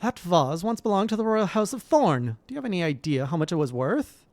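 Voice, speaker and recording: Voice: medium pitch, expressive, a little fast, darkish tone, dry recording, voice pushed up, lightly acted. A streamer voicing a haughty, imperious noblewoman who speaks in a cold, commanding way. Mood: scolding. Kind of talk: reading game dialogue aloud.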